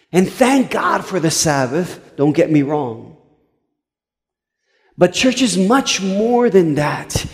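A man's voice: sits high, a little mellow, long reverb tail. A male pastor telling a story in a sermon, earnest, with frequent stumbling restarts.

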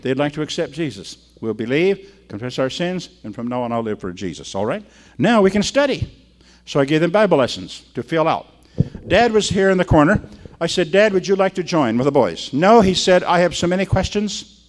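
An older man, a pastor, preaching in a folksy, conversational way and acting out the people in his stories. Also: medium pitch. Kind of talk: sermon with storytelling.

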